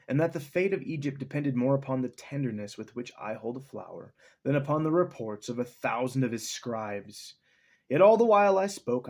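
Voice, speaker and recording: A man reading a novel aloud at home in a slow, measured, dramatic first-person style. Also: medium pitch, darkish tone. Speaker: audiobook reader.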